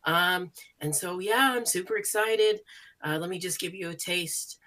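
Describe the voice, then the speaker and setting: A man's voice: sits high, unhurried, pushed and bright. A man playing a nervous, chipper insurance salesman who sings barbershop, stammering through fillers with eager enthusiasm, over a video call. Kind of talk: improv comedy character.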